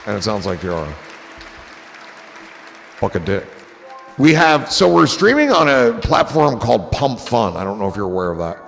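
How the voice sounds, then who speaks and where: A man with a gravelly, creaky voice chats loosely on his livestream, wandering from one joke to the next and swearing freely. His voice rings with a long reverb, and soft music plays behind him. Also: on the low side, sing-song, moderate pace, pauses often, a faint crowd. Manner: rambling, goofy and profane. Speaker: livestream host. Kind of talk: casual livestream chat.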